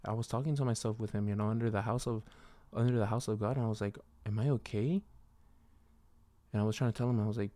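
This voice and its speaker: A young man telling a personal faith story in a casual, rambling way, with many fillers and a soft, reflective delivery. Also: on the low side, steady tone, brisk, long pauses, no room sound. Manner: rambling, full of "you know" and "like". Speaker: vlogger sharing a faith testimony.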